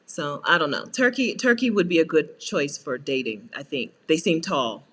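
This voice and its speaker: Her voice swings widely in pitch and has a slightly rough, fairly bright quality, delivered at a moderate pace. She's a coach who hosts her own channel, and here she's on a casual livestream, joking with viewers, replying to their comments, laughing frequently, and tossing out high-pitched exasperated asides.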